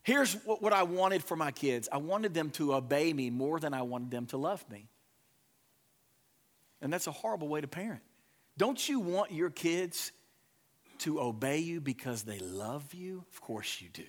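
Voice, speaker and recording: A middle-aged man, a pastor, preaching a sermon with animated emphasis that drops to hushed softness. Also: fairly high pitch, moderate pace, long pauses.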